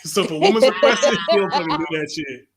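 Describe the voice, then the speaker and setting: A man's voice: fairly high pitch, lively intonation, fast, a loud crowd. Laid-back man, blunt and profane. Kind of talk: casual chat.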